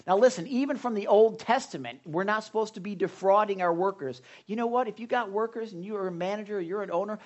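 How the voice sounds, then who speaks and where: Male pastor, lively conversational sermon, slightly higher voice. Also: fast talker, hardly any pauses, muffled recording. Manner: animated, conversational preaching with asides and jokes. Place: hot church room.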